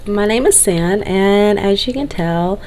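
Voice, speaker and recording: A woman's voice: medium pitch, unhurried, darkish tone, a little hiss or hum. A woman with a Southern US accent, tired and a bit nervous, rambling and getting tongue-tied as she talks through a game feature in a casual walkthrough. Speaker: game tutorial narrator. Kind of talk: casual screen-recorded walkthrough.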